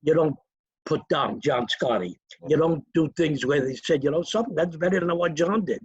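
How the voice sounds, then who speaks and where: A man's voice: on the high side, normal speed, husky, no echo, dull audio. An older man, a magician being interviewed, telling stories from his past and acting out the people in them. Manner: animated, acts out quoted voices. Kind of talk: anecdotal storytelling.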